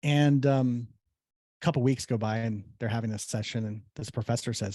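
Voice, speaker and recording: Gravelly, dry-voiced man hosting a podcast. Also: mid-range voice, fairly even intonation, fairly quick, a little mellow, no room sound. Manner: storytelling, affirming. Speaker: podcast host. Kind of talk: casual spiritual conversation.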